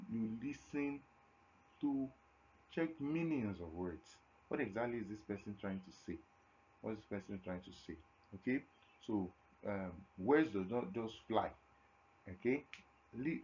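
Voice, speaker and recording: A man's voice: fairly low pitch, darkish tone. A man from Nigeria giving a classroom lecture on communication skills, asking the class questions and answering them himself, often repeating words for emphasis. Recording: dull lo-fi recording with faint noise.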